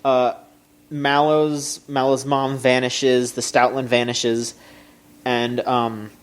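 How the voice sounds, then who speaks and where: Podcast co-host, mid-range voice, excitable recap with swearing, remote call mic. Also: takes it slowly, smooth. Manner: animated and swearing, pitch jumping up when excited. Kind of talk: casual chat, recapping an anime episode.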